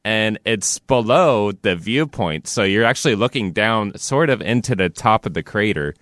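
A man in a casual chat who explains things in a steady, detailed way. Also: fairly low pitch, normal speed, no echo, studio quality. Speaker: guest.

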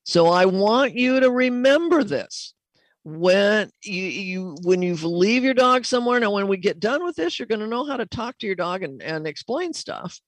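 A woman's voice: medium pitch, lively intonation, moderate pace, no room sound. A middle-aged woman hosting a talk show about communicating with animals, telling a long story with many fillers and restarts.

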